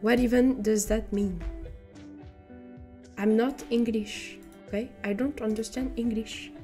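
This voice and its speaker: A woman's voice: on the high side, steady tone, unhurried, warm tone, faint music behind. A young woman with a French accent who is not a native English speaker, reading a story aloud on stream and breaking into giggly, amused asides.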